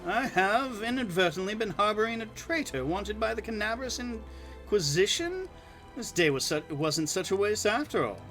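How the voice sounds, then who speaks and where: A man voicing a haughty, sarcastic aristocratic count in a game playthrough, raising his voice higher and louder for him. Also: animated, moderate pace, music in the background. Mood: sardonic. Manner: arch, sarcastic. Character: haughty aristocratic male count, sardonic host.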